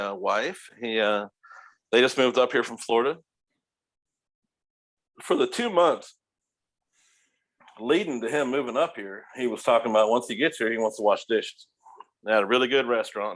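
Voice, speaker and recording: Animated, profane male storyteller. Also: mid-range voice. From United States. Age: middle-aged. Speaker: podcast guest, restaurant owner. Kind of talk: casual storytelling.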